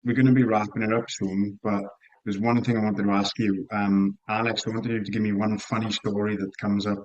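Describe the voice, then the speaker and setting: A man's voice: on the low side, little pitch movement, fairly quick, darkish tone. A man hosting a casual podcast chat, telling stories in a laid-back way. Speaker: podcast host. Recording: dull lo-fi sound.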